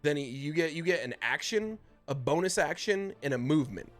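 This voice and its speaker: Brief: casual, halting game master, man. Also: a little high, lively intonation, a bit bright, soft background music. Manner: casual, halting, full of uh and restarts, calls players bro. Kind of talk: narrating and explaining a tabletop game.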